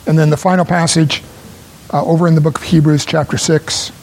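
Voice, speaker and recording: A man preaching a sermon as pastor, earnest and emphatic, with pauses for stress. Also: a little high, level tone, a little mellow, slight background noise, rough recording.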